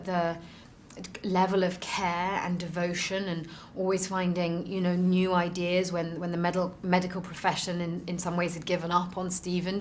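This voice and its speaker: An actress in a press interview, speaking earnestly and reflectively as she searches for her words. Her voice sits a little low for a woman. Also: a little hiss or hum.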